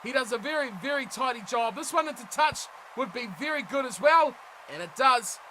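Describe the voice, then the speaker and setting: A young man giving animated play-by-play commentary on a rugby management game, shouting at big plays and chatting to viewers. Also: very high-pitched, normal speed, slight background noise, rough recording. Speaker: gaming commentator.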